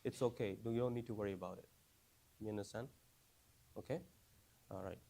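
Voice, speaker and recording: A man's voice: fairly low pitch, fairly quick, vocal fry, dark tone. A man teaching a class for new Muslims in a casual, conversational way. He often repeats phrases and keeps asking the class questions. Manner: repeats phrases, frequent "right?" and "you understand?".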